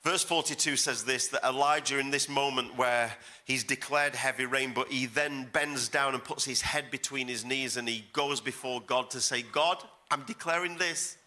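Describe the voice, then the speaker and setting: Delivering a sermon as a guest pastor, a middle-aged man speaks in a steady, medium-pitched voice that sounds pushed and bright. He keeps a normal speed with hardly any pauses, emphatic and repeating phrases for effect.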